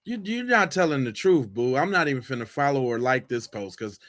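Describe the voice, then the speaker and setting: A man's voice: mid-range voice, lively intonation, a little fast, a bit bright, no echo, clean studio sound. A man hosting a podcast, reacting to viewer clips with slangy, mocking banter. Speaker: podcast host.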